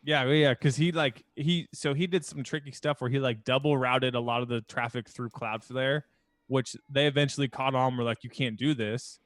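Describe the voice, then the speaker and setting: A man's voice: mid-range voice, fairly even intonation, moderate pace, fairly bright tone, dry recording, clean studio sound. A man co-hosting a podcast in casual chat, laid-back, saying "yeah" over and over and telling stories with quoted lines. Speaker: podcast co-host.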